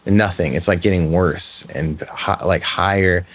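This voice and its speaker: A man's voice: sits low, steady tone, moderate pace, a bit bright. A man hosting a podcast, telling a candid, rambling story in a casual, self-reflective way. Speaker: podcast host.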